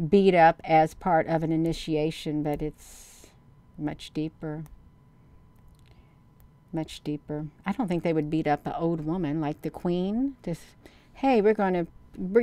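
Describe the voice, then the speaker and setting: A woman chats casually on a livestream, rambling from point to point and answering viewers. Her voice is smooth and clear and sits a little low. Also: a little mellow, dry recording. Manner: folksy, rambling, says "you all" and "honey". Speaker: livestream host. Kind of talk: casual livestream chat reading comments.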